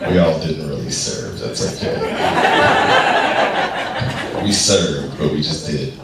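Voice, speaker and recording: A man's voice: rumbling low, slow, vocal fry, a loud crowd. A man from Colorado performing a loose stand-up comedy set, acting out characters as he tells stories. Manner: loose, storytelling with acted-out characters. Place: live venue with audience. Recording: roomy, distant live recording, faint noise.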